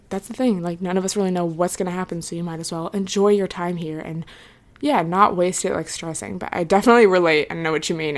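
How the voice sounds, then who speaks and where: A young woman hosting her own podcast, chatting casually and earnestly, with lots of "like" and trailing thoughts. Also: lowish voice. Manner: earnest, reassuring. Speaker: podcast host. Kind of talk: casual solo podcast chat.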